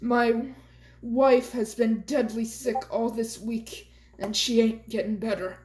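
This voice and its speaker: A woman's voice: on the high side, steady tone, takes it slowly, a little mellow. A woman voicing a worried old husband in a fan-made story, talking anxiously about his sick wife. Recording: roomy echo.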